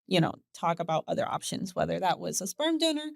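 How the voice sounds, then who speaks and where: A woman's voice: lowish voice, sing-song, quick pace, gravelly, no echo, clean studio sound. A woman guest on a podcast, openly telling a personal story in casual conversation and laughing now and then. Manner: open, storytelling with acted quotes and laughs.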